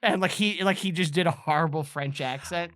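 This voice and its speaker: Bright-voiced joking man gaming. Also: a little high, fairly quick, faint music behind. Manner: joking, profane, teasing. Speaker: co-host playing retro games. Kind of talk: casual gaming banter.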